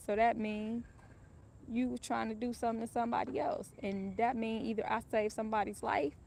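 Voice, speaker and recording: A woman's voice: on the high side, vocal fry, darkish tone, a little hiss or hum. A woman casually telling a personal story in a candid, profane, rambling way.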